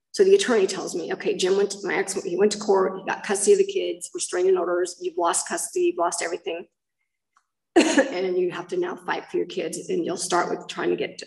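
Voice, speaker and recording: A woman's voice: lowish voice, gravelly, distant mic, rough recording. A woman telling a candid personal testimony about recovery, rambling and restarting as she goes. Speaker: recovery speaker sharing her story.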